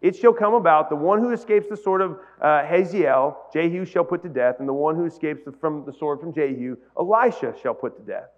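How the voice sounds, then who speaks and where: A man's voice: a little high, brisk, few pauses, dull audio. A male pastor giving a sermon, talking casually with the congregation and rising to emphatic peaks. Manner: conversational preaching, builds to emphatic peaks.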